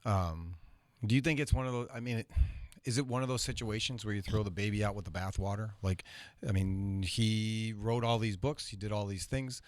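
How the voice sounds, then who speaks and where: A man with a lowish voice talks casually on a podcast, feeling his way through a question with several restarts. The recording is close and dry. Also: moderate pace, few pauses, no echo. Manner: thinks aloud, restarting questions. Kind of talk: casual conversation.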